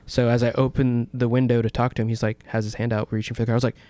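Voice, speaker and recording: Guy in his 20s hosting a radio talk show, rambly animated story with lots of likes and cussing, dead dry mic. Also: medium pitch, racing, no echo. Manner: animated storyteller, acts out quotes with lots of swearing and fillers. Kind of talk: casual chat, storytelling.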